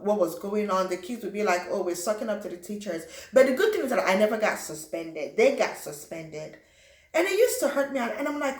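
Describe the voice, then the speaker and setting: A young woman from Africa telling a personal story in a lively way, acting out what people said and adding sound effects. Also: mid-range voice. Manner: animated, acts out quotes and sound effects. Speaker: vlogger. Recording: roomy echo.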